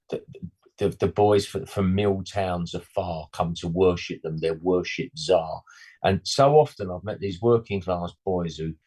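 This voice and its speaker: Deep husky man in his sixties. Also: a little mellow. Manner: rambling, full of "you know", blunt slangy asides. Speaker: musician guest. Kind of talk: casual interview chat.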